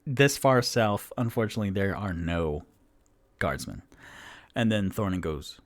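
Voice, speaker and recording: A man narrating a solo tabletop game as game master, casual and rambling, with many fillers. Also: mid-range voice.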